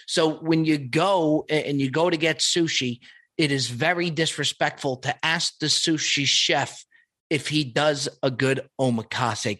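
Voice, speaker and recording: A man hosting a podcast, telling a story in a casual, excitable way, swearing freely and repeating himself as he goes. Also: medium pitch. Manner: excitable, profane and repetitive. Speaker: podcast host.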